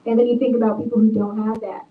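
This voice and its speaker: A woman's voice: a little high, little pitch movement, fast talker. Earnest woman author, tinny and echoey. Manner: earnest, reflective storytelling. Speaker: author and guest speaker. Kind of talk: book talk discussion. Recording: tinny, echoey, far from mic.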